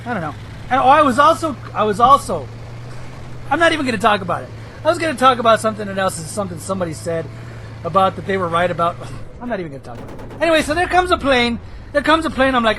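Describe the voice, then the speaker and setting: A hoarse man giving rambling, excitable commentary over his own gameplay footage, now and then bursting into shouts. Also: high-pitched, fast, slight background noise, low-quality recording. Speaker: gameplay video host.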